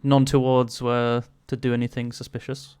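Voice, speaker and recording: A man's voice: medium pitch, level tone, moderate pace, a little mellow, clean tone, no echo, clean studio sound. A man narrating a tabletop game as game master, hesitant, with many fillers.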